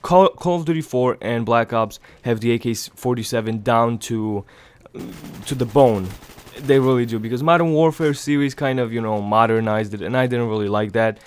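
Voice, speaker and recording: Hushed, stuffy-nosed young man. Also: moderate pace, clean tone. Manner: hushed low voice to avoid waking others; rambling, many fillers, swears casually. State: stuffy nose from a cold. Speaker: gaming channel host. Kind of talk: casual gameplay commentary. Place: home, early morning.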